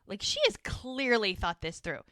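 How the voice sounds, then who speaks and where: A woman co-hosting a podcast, casually recapping a TV episode with animated retelling. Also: medium pitch, moderate pace, dry recording, clean studio sound. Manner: animated retelling, acting out characters' lines. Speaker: podcast co-host.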